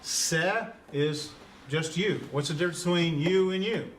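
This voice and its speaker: A man's voice: on the high side, a little slow, fairly bright tone, distant mic, a little hiss or hum. Man lecturing a class from across the room. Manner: conversational, quizzes students, chuckles at own puns. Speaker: Greek instructor.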